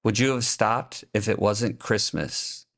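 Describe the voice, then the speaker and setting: A man's voice: on the low side, slow pace. A man voicing a solemn talking stray dog. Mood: sad, grave. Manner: quiet, sad and grave.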